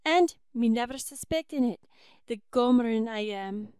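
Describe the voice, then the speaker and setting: A woman voicing a warm old Irish housekeeper, with an Irish accent and homely turns of speech. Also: on the high side, a little slow, clean tone, no echo, natural voice. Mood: self-reproaching.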